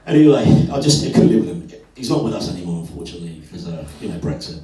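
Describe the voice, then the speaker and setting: A man's voice: lowish voice, fairly quick. Man doing wry stand-up in a club. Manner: wry, self-deprecating storytelling with crowd work. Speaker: stand-up comedian. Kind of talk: stand-up comedy set. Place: comedy club. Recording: echoey club, far from mic, crowd.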